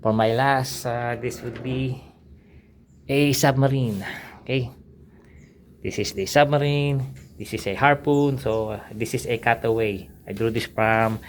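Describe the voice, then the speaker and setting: A man's voice: mid-range voice, fairly even intonation, measured pace, a little hiss or hum. A middle-aged man, an art channel host, casually talking through his old drawings, rambling with many fillers and restarts. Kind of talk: casual sketchbook tour narration.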